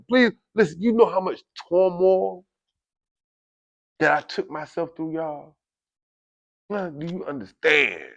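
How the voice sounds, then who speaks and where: With a medium-pitched, creaky voice, a man tells stories of prison life casually to camera. He's animated, repeatedly turning to his listeners and performing the voices of guards and inmates.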